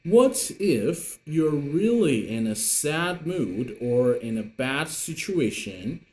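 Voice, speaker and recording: A man's voice: fairly high pitch, big pitch swings, takes it slowly, a little mellow. A man teaching an online lesson in English, patient and repetitive, with many fillers. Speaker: Mandarin teacher.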